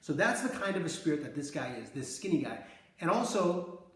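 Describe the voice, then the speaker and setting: A man's voice: a little high, very animated, a little fast. A man earnestly retelling and interpreting his dreams in a conversational way, acting out the scenes as he goes. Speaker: preacher recounting visions. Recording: very echoey room.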